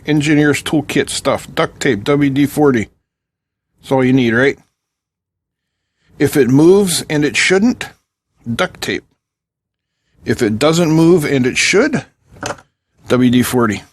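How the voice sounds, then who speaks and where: A man chatting his way through a hands-on electronics tutorial, cracking dry jokes and teasing asides to the viewers as he works. He talks at an average pitch in a relaxed, conversational way, as if the audience is sitting beside him at the workbench. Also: slow, pauses often. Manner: joking, chatty asides while working. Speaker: electronics channel host.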